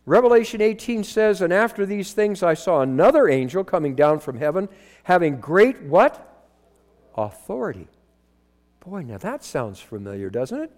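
High, animated man preaching in a hall. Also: moderate pace. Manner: animated, rhetorical questions to the congregation. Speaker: pastor. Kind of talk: sermon. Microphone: microphone. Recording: long hall reverb.

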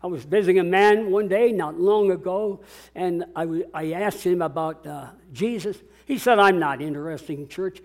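A man's voice: high-pitched, normal speed, a little mellow. A man preaching a sermon as a pastor, dramatic and calling out to his congregation. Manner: dramatic, call-and-response preaching.

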